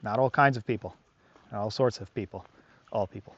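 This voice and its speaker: A man's voice: on the low side, a little fast, breathy edge, dull audio. A man working as a dog trainer, talking casually to the camera on an outdoor walk, rambling and reflective with many fillers.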